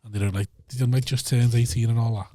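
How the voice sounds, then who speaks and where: A man's voice: medium pitch, fairly even intonation, quick pace, mellow, a little hiss or hum. A man, co-hosting a podcast and telling stories with lots of swearing and acted-out quotes. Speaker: podcast co-host. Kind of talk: casual chat.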